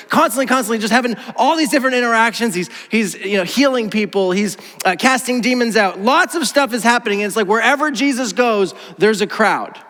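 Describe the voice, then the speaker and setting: Lively male pastor, bright forward tone, preaching playfully, long reverb from the church hall. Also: high-pitched. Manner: animated, playful, acts out voices. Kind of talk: sermon. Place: church auditorium.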